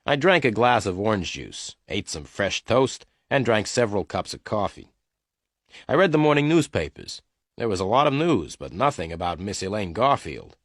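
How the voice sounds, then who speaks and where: A man narrating a story for learners in a lowish, expressive voice. He reads slowly and clearly, and the recording is dry and close. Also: no room sound.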